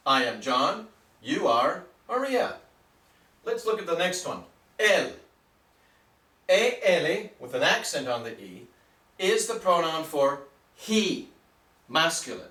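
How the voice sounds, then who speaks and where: A man teaching a basic language lesson, patient and deliberate, spelling words out letter by letter. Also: on the high side, very animated, bright, forceful tone, reverberant, distant mic. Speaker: Spanish teacher.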